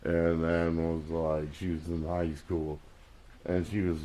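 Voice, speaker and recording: A man's voice: sits low, little pitch movement, slow pace, dark tone. A drunk man rambling crudely in casual chat on a livestream, swearing often.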